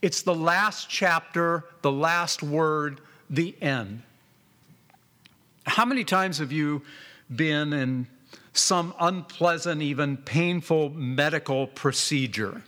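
Slow, emphatic preacher man. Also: a little high, pushed and bright. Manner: emphatic, repeats phrases for weight; slow and deliberate, drawn-out phrases. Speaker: pastor. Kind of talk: sermon.

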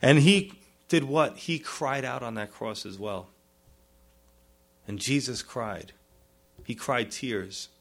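This preacher speaks slowly in a gravelly voice with long pauses. He delivers his sermon earnestly, swinging between pleading rises and gentle low drops and frequently checking in with "you see?" and "right?".

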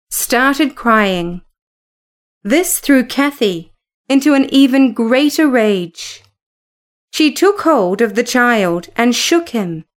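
Slow, measured woman narrating a story. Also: a little high. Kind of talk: audiobook narration.

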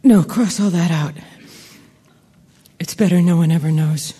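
A young woman playing a frightened young woman facing death in a radio drama, soft and halting. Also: fairly low pitch, husky, big-room sound. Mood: resigned.

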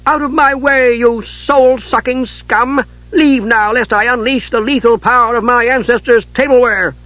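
A man voicing a small, reckless male kender who shouts mock-heroic threats. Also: very high-pitched, moderate pace, dry recording, voice pushed up. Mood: defiant. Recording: dull lo-fi audio.

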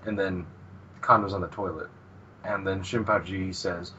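A man's voice: sits low, fairly even intonation, normal speed, pushed and bright, highs cut off, a little hiss or hum. A man co-hosting a podcast, retelling manga scenes in a loose, laughing way and swearing now and then. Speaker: podcast co-host. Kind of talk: casual chapter recap chat.

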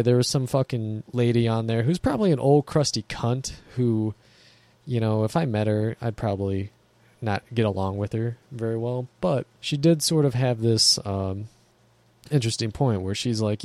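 A man's voice: lowish voice, warm tone, no room sound. Blunt, profane man ranting. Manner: blunt, heavily profane, rambling. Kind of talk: casual rant to camera.

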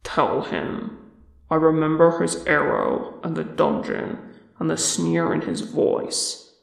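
A reader voicing a gruff, distrustful old dwarf king in a fan fiction audiobook, with a low, breathy growl. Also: takes it slowly, reverberant, rough recording.

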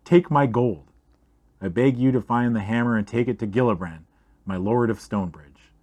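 A man voicing a wounded, delirious old male dwarf warrior who shouts wildly, then fades to a weak whisper. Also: mid-range voice, normal speed, close to an everyday voice.

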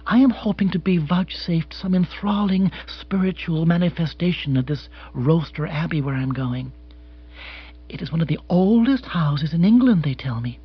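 A man's voice: fairly high pitch, normal speed, husky, lo-fi sound. A man reading an audiobook, voicing a wealthy American widow who talks in a gushing, earnest, genteel way.

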